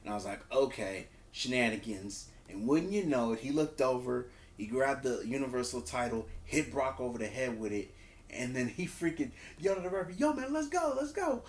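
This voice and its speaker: A man giving a casual spoken review of a wrestling show. He talks loosely, repeats words and restarts, and acts out quotes in a higher voice. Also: brisk. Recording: roomy echo.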